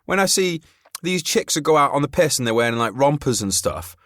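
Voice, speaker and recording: A man's voice: fairly high pitch, very animated, a little fast, a bit bright, no echo, studio quality. A man hosting a podcast, chatting casually in a rambling way, with lots of "like" and swearing. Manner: rambling, swears freely, frequent fillers. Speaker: podcast host. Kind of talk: casual chat.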